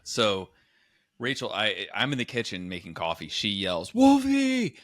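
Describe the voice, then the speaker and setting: A man with a low but bright, forceful voice, co-hosting a comedy podcast. He rambles through an animated story in casual chat. The sound is dry and close. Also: moderate pace, no echo. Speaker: podcast co-host.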